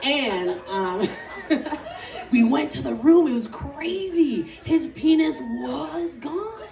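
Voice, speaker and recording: A woman's voice: high voice, animated, slow. A woman doing a stand-up comedy set, laughing often and putting on voices of old men and patients. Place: outdoor show. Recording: roomy distant outdoor recording, loud crowd and noise. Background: crowd laughter.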